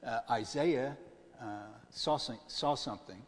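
A man's voice: medium pitch, measured pace. A man delivers a sermon in an easy, conversational way, often turning to his listeners with questions. His voice sits in an ordinary middle range. A long reverb trails each phrase, as if he is speaking in a large church hall. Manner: conversational preaching, asks the audience questions. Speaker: pastor.

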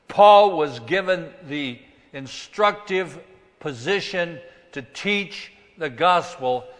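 In a large hall, a man preaches a sermon as pastor, his voice a little high. He moves back and forth between loud, emphatic passages and quiet asides.

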